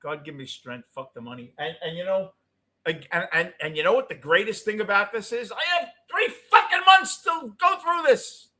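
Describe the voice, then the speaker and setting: A middle-aged man with a New York accent ranting as a postgame show host, cursing and swinging between yelling and muttering. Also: high voice, expressive, normal speed. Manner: profane, swings from shouting to muttering. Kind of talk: ranting fan commentary.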